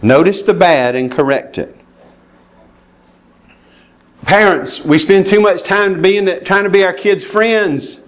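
A man's voice: sits high, slow pace, pauses often. Emphatic preaching man, lilt. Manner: plainspoken, emphatic, with chuckles and asides. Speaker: pastor. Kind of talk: sermon.

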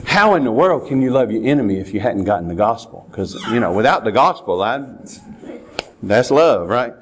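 A man's voice: medium pitch, big pitch swings, normal speed. A man preaching a sermon as pastor, earnest and given to repeating words as he reads scripture aloud.

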